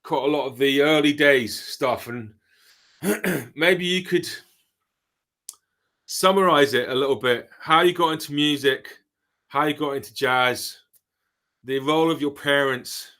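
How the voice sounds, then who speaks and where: Chatty British man, higher voice. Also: a little slow, long pauses, sharp tone. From Britain. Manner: chatty, storytelling, rambling questions. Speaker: podcast host, drummer. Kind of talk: casual interview chat.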